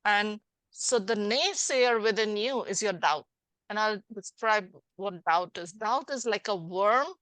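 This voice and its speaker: Bright, lively middle-aged woman coach. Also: mid-range voice, a little slow, no echo. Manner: animated, acts out little scenes in dialogue. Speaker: podcast host and life coach. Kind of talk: casual interview chat.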